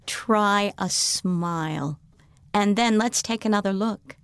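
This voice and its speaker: A woman voicing a kind, patient female schoolteacher in a storybook read aloud, with a soft, coaxing manner. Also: medium pitch, slow pace, clean tone, no room sound. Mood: gentle. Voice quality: soft, coaxing, sing-song. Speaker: teacher character.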